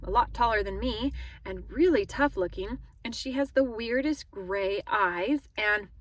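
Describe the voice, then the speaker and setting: A woman voicing an excitable young schoolboy in a children's storybook, reading with dramatic, exclaiming delivery. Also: mid-range voice, unhurried, dry recording, close to an everyday voice. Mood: telling.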